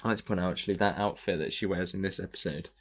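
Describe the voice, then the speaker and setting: A man's voice: sits low, fairly even intonation, racing, slight background noise. A young man hosting a podcast, chatting casually through a commentary track, laughing often and restarting his sentences. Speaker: podcast host.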